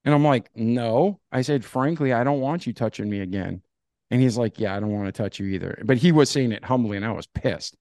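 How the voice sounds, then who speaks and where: A man telling his life story in a podcast interview, with a lively, casual delivery that acts out past conversations. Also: medium pitch, brisk, no room sound, studio quality. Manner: animated, acts out dialogue with "I'm like". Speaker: podcast guest.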